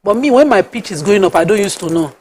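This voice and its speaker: A Nigerian woman chats on a TV panel in a lively, story-telling way, laughing often. She sounds relaxed and casual, with a mid-range voice. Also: mid-range voice, quick pace, a little hiss or hum. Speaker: talk show co-host. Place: TV studio.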